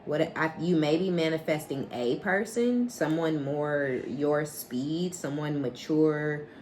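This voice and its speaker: A woman with a deep, low voice gives an unscripted collective tarot reading. She talks bluntly and swears freely, and she keeps checking in with "right?" She acts out the lines of the people she describes with animation. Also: slight background noise. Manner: animated, acts out quoted dialogue. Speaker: psychic tarot reader.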